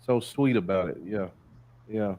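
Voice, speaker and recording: A man hosting a podcast, chatting casually in a relaxed, folksy way. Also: lowish voice, measured pace. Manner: relaxed, folksy, with frequent restarts. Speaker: podcast host.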